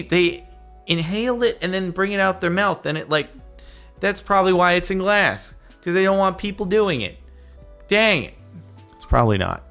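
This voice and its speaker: A young man giving casual commentary as he reacts to posts, exasperated and breaking into loud rants. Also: fairly high pitch. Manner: exasperated, ranting, rising to loud outbursts.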